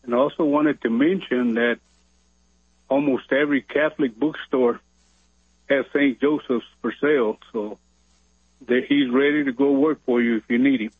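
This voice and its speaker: A man's voice: mid-range voice, fairly even intonation, normal speed, husky, no room sound. A male caller on a radio phone-in, hesitant and full of fillers. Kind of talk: phone-in call. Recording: tinny phone line.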